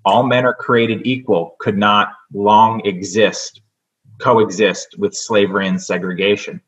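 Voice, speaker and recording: A man talking earnestly as a guest on a radio talk show, measured and full of fillers and restarts. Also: on the low side, steady tone, a bit bright, poor audio. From United States. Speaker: state senate candidate guest.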